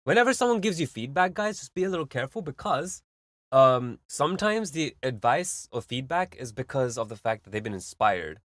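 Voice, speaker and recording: A man's voice: mid-range voice, sing-song, brisk, fairly bright tone, no room sound, clean studio sound. A man hosting a live stream, giving casual, rambling music feedback full of fillers and vivid analogies.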